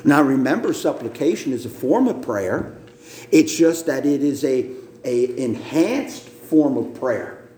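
A male pastor preaching a sermon, emphatic and deliberate, often repeating words as he teaches. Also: medium pitch, expressive, warm tone. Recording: roomy echo.

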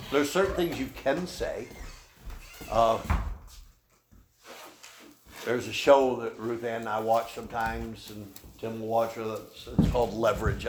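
A man teaching the Bible in a folksy, conversational way, answering questions from the people in the room. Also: medium pitch. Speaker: pastor. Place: church room. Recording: echoey room, faint noise.

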